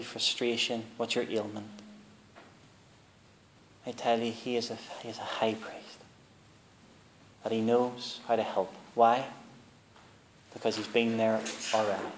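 A man's voice: medium pitch, slight background noise. A man preaching a sermon in a church. He talks conversationally, reads King James scripture aloud, and builds up to emphatic, rising declarations.

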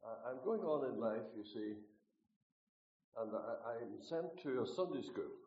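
A man's voice: mid-range voice, expressive, unhurried, a little mellow. A Northern Irish man preaching a sermon in a meeting hall, folksy and joking, and emphatic when he reads scripture. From Northern Ireland. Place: meeting hall, speaking away from the mic. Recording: roomy, distant, dull hall recording.

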